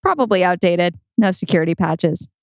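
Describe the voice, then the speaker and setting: A woman's voice: fairly low pitch, animated, normal speed, no room sound. Woman playing a sly young programmer. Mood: dry. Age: young adult. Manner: cool, dry, teasing. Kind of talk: audio drama acting.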